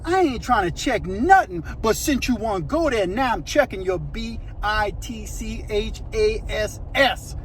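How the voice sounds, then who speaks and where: A man's voice: high-pitched, lively intonation, measured pace, few pauses, slight background noise. A man doing a jeering unhinged convict. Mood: defiant. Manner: mocking, jeering, cackling. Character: taunting unhinged male prison inmate.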